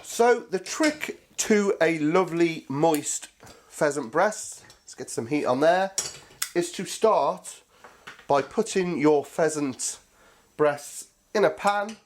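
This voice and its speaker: A man's voice: a little high, animated, takes it slowly, slight background noise. A man hosting a cooking show, chatting casually and jokily to viewers as he cooks. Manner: chatty and jokey, talks to viewers as mates.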